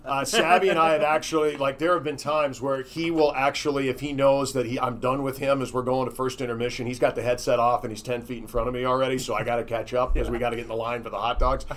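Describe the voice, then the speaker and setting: A man who works as a hockey play-by-play broadcaster, telling stories as a guest on a podcast in an animated, lively way. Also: mid-range voice, fast, few pauses, a little hiss or hum. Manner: animated storyteller who acts out dialogue. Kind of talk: casual podcast conversation, storytelling.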